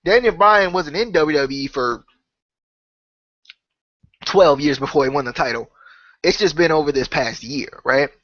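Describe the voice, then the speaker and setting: A man's voice: fairly high pitch, a little slow, pauses often, a bit bright, dry recording, muffled recording. A man hosting a wrestling podcast, his voice sick, talking in a casual rambling way with lots of "right?" and "you know.". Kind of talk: casual solo opinion talk.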